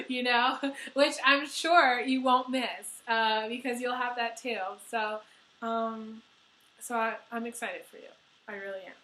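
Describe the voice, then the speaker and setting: A woman's voice: fairly high pitch, a bit bright, echoey room, rough recording. A woman reading tarot cards for viewers, emotional and teary, with many fillers and restarts. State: crying. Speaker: tarot reader.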